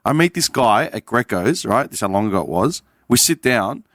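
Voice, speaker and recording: Animated Australian man telling a story. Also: medium pitch, brisk, no room sound, clean studio sound. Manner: animated storyteller acting out quoted dialogue. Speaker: podcast panelist. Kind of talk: casual storytelling chat.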